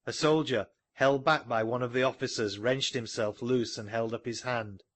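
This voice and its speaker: Male audiobook narrator: measured delivery, average pitch, dry close recording. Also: fairly even intonation, fairly bright tone, dry recording. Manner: measured storytelling. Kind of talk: scripted narration.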